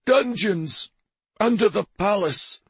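A man reading as a cornered priest who sputters out his answers in a high, strained voice. His tone stays husky and very dry, and each reply comes out in a panicked rush. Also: lively intonation, measured pace, a bit bright, no room sound, heavily acted. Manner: sputtering, shrill. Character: desperate cringing male priest captive.

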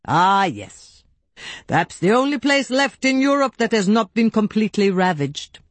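A woman's voice: medium pitch, very animated, normal speed, no echo, pitched above the performer's own voice, lightly acted. A woman reading an audiobook, voicing a polite, inquisitive male official who is courteous and probing.

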